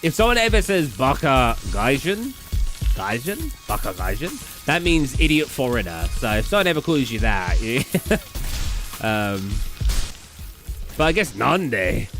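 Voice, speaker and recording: A young British man streaming live, telling rambling travel stories in casual chat, full of fillers and quick laughs. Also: mid-range voice. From Britain. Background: faint game music.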